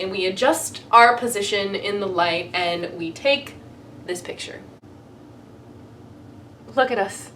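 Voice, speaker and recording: A young woman telling a casual storytime, excitable and animated, with lots of fillers. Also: medium pitch, measured pace, far from the mic, a little hiss or hum.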